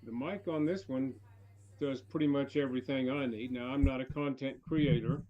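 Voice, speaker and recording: A man chatting calmly as a guest on a livestream, asking plain questions. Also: mid-range voice, normal speed, muffled recording. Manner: calm, asks plain questions. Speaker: stream guest. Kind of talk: casual chat.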